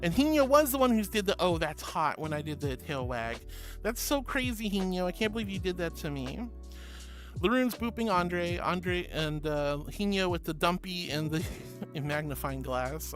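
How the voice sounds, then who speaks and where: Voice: medium pitch, a bit bright. Affectionate giggly streamer over music. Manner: affectionate, playful, giggly, calls viewers sweetie and honey. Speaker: VTuber streamer. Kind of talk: casual livestream chat, reading viewer messages. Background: music playing.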